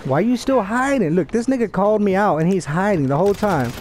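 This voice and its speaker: A man's voice: high-pitched, lively intonation, brisk, a little mellow, a little hiss or hum. Young man trash-talking over headset. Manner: taunting, profane, boastful. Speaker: gamer streaming online play. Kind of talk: trash talk over game voice chat.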